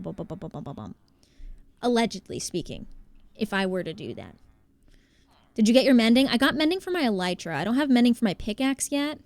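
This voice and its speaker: A woman's voice: mid-range voice, darkish tone, dry recording. A young woman live-streaming a game in a casual chat, thanking viewers by name and thinking aloud as she plays.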